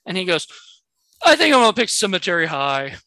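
Lively, bright-voiced man host, dry sound. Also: high-pitched, fairly quick, no echo. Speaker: podcast host. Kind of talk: casual chat.

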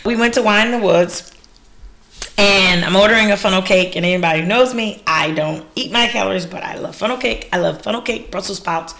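A woman who runs wine classes, talking on a podcast in a lively, laughing, exclamatory way. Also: medium pitch, brisk, creaky. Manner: animated, laughing, exclamatory storyteller. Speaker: wine educator and business owner. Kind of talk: casual podcast interview.

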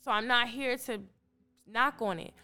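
A woman's voice: fairly high pitch, measured pace, pushed and bright, clean tone. A young adult woman from Detroit, a podcast guest in casual chat, telling stories animatedly and acting out her own past remarks. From Detroit, Michigan.

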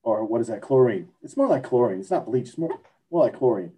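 A man with a warm, mellow voice co-hosting a podcast. He talks in a loose, crude, joking way and reads slang entries aloud. His delivery is relaxed and casual. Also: medium pitch, quick pace, slightly rough, low-quality recording. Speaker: podcast co-host. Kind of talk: casual chat.

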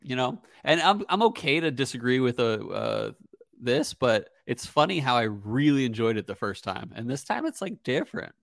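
A man co-hosting a casual whiskey tasting, talking in a relaxed, hedging way with lots of fillers. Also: mid-range voice, normal speed, vocal fry, no echo, clean studio sound. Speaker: co-host, whiskey reviewer. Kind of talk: casual chat.

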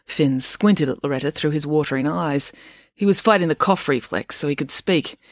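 A woman narrating a children's story with expressive, animated delivery. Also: low-pitched, moderate pace, dry recording, clean studio sound. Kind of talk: audiobook narration.

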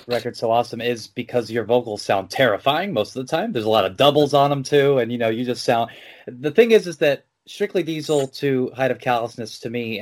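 A man hosting an interview, asking questions in a casual, loose way with fillers. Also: mid-range voice. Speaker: interviewer, host.

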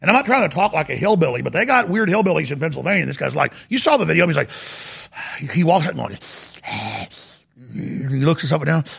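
A man's voice: fairly high pitch, very animated, a little fast, vocal fry, fairly bright tone, slightly rough. A man hosting a talk show, giving heated commentary with emphatic repetition. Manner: heated, emphatic, repeats himself. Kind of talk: agitated talk radio commentary.

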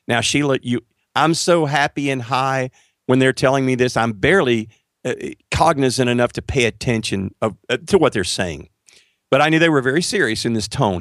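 A man's voice: normal speed, fairly bright tone, no echo, studio quality. A man telling his testimony as a guest, acting out the dialogue and speaking earnestly to the host. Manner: acts out dialogue with big pitch jumps; earnest, addresses the host directly. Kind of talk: animated storytelling.

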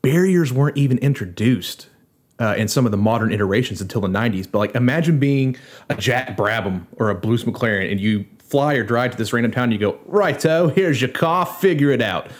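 A man speaking as a panelist in a casual podcast discussion, telling stories with quick jokes. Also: medium pitch.

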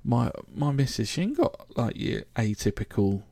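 A man's voice: mid-range voice, very animated, moderate pace, gravelly, dark tone, dry recording. A man from London with a London accent, hosting a solo podcast in a chatty, joking, rambling way. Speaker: podcast host. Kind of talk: casual solo podcast monologue.

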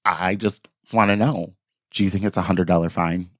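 Low-voiced joking man, dry sound. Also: normal speed, no echo. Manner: joking, lively storytelling; swears casually. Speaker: podcast co-host. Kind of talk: casual podcast chat.

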